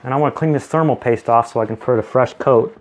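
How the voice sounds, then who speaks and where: A man walks through a hands-on build at home, talking plainly as he works. His voice sits at an ordinary middle pitch, and the tone stays casual and instructive. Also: quick pace, a little hiss or hum. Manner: explains steps plainly while working. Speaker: channel host building a PC.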